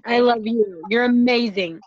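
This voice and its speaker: A woman's voice: fairly high pitch, unhurried, no echo, lo-fi sound. A woman team leader giving an emotional, effusive tribute in a folksy, heartfelt way. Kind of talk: heartfelt tribute on a video call.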